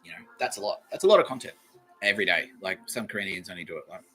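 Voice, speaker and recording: A man's voice: low-pitched, expressive, racing, sharp tone, rough recording. Profane Australian man rambling on a podcast. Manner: profane, boastful, wandering, laughs at own jokes. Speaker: podcast host. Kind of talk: rambling comedic solo monologue.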